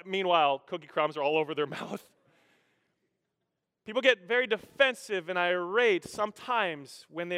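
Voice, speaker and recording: A male pastor giving a sermon, telling humorous stories with vocal sound effects in an animated manner. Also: a little high. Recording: echoey hall.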